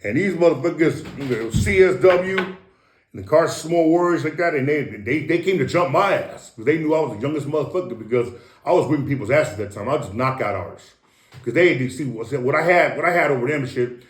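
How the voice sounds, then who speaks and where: A middle-aged man from East Los Angeles, USA, tells stories as an interview guest, boastful and profane, adding his own sound effects. His voice is a little high and a little fast, with lively intonation. The casual storytelling is captured in a roomy, echoing space.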